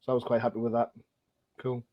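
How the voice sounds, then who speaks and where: A man's voice: medium pitch, level tone, quick pace, lo-fi sound. A man hosting a casual comic-book podcast, rambling and chatty with plenty of restarts. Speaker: podcast host.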